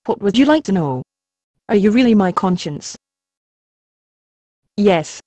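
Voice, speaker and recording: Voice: mid-range voice, animated, a little slow, warm tone, no room sound, natural voice. An actor playing a mild, wry conscience. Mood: patient. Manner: mild and a little hurt. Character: patient, gently wry conscience spirit. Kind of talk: amateur stage drama.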